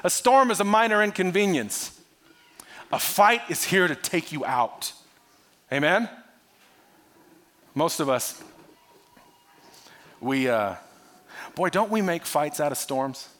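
Male pastor, sermon, animated, loud then hushed, fairly high voice. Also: slow pace, long pauses.

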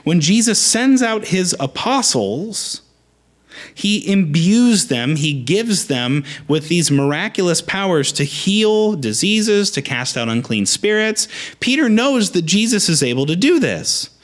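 A man preaching a conversational sermon, lively with frequent restarts. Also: high-pitched, unhurried.

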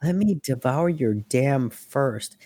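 A man guest on a podcast, eager and loose, scattering "frickin'" through his lines as he relives favorite panels. His pitch is ordinary for a man. The recording is dry with no room sound. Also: slow, breathy edge, dry recording. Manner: excited, peppered with "frickin'". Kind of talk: casual chat.

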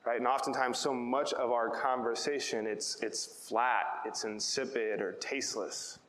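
A man's voice: medium pitch, steady tone, a little slow, a bit bright, echoey room, in a large hall, a little hiss or hum, poor audio. A man preaching a sermon, telling a personal story in a chatty way and often asking "right?". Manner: conversational storytelling, repeats words, asks "right?". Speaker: pastor.

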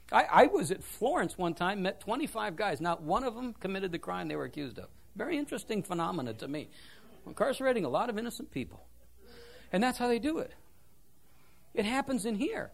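A man preaching a sermon in church, telling stories with a self-deprecating, animated manner. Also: high voice, fairly quick, gravelly. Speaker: pastor.

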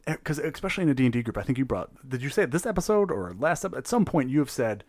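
A game master chats casually, his pitch swinging in a lively way as he laughs often and swears freely. The sound is dry and close to the mic. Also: very fast, dry recording. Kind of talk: casual tabletop game chat.

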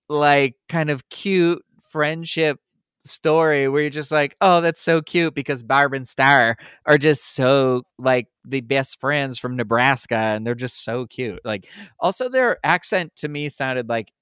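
A man's voice: a little high, a bit bright, clean tone, dry recording, studio quality. A man co-hosting a podcast, chatting casually about a film in a rambling style full of likes and restarts. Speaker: podcast co-host. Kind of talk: casual pop-culture chat.

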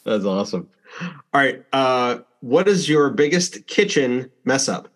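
Podcast host guy, mid-range voice, tossing out quick fun questions. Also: mid-range voice, animated. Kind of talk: casual interview questions.

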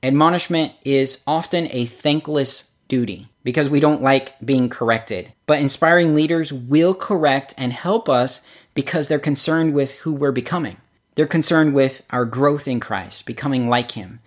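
A man's voice: medium pitch, normal speed. A man preaching a sermon, telling stories and acting out the quotes he gives. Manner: storytelling, acts out quotes with lively shifts. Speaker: pastor.

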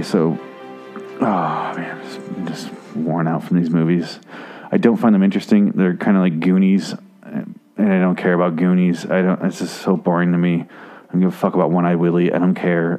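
A man with a low, mellow voice rants casually about movies, rambling and swearing freely. When he gets worked up, his voice leaps high with exasperation. Faint music plays behind him. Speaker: movie reviewer. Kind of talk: casual profane movie rant.

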